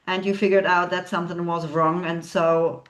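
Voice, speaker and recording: A woman's voice: fairly low pitch, level tone, normal speed. A woman interviewing an actor, talking hesitantly with many filler sounds as she goes. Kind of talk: interview questions.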